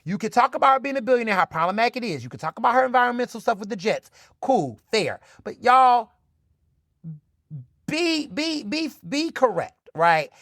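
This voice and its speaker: Sassy, animated male podcast host. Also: extremely high pitch, fast, few pauses, dry recording, studio quality. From Philadelphia, USA. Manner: animated, sassy, conversational, addresses listeners as "y'all". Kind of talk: casual solo commentary.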